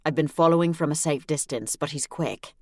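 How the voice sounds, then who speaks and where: A man's voice: on the high side, fairly quick, darkish tone, dry recording, studio quality, natural voice. A woman voicing an urgent male wizard colleague who insists and presses his point in a storybook reading. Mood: hushed.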